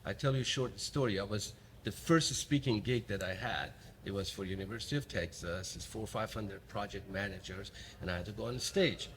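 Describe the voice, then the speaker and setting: Earnest Middle Eastern-accented man, lowish voice. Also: a little hiss or hum. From Middle East. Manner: storytelling, earnest, halting restarts. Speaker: podcast host. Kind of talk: casual interview chat.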